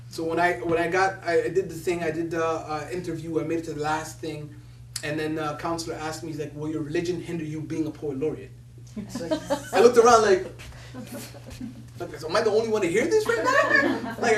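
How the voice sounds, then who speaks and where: A young man who is a poet laureate, telling stories animatedly and laughing as he quotes other people. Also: fairly high pitch. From Somalia. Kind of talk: storytelling talk. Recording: echoey room from a distance with faint hum.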